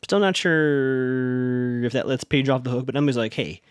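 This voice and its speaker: A man's voice: medium pitch, steady tone, moderate pace, clear, resonant tone, no echo, studio quality. A man hosting a podcast, recapping a TV episode in a chatty, rambling way and often correcting himself. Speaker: podcast host.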